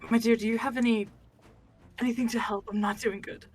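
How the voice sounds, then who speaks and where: Pleading, worn-out adventurer voiced by a woman, raised and a bit theatrical, soft music behind. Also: fairly high pitch, steady tone, brisk, lightly acted. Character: weary player character asking for help.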